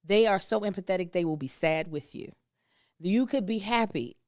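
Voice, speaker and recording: A woman's voice: mid-range voice, expressive, normal speed, darkish tone, no echo, clean studio sound. A woman in her thirties co-hosting a podcast, chatting candidly and emphatically about parenting. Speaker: podcast co-host. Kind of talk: casual chat.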